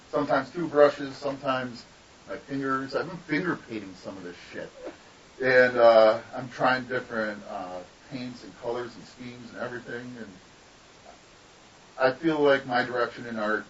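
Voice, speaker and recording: A man, a guest artist, telling rambling, profane stories in a casual podcast interview. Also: mid-range voice. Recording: distant, dull lo-fi mic with faint hiss.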